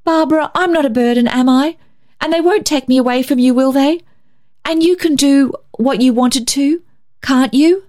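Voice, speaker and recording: Woman doing an anxious little girl, high and pleading. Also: lively intonation, a little slow, hardly any pauses, darkish tone, no room sound, studio quality. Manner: pleading, fretful questions. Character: anxious little girl, clinging to her sister.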